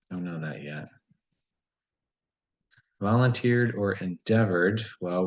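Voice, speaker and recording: Solving a word puzzle, this man muses aloud casually and keeps questioning himself. His voice is low, and the recording quality is poor.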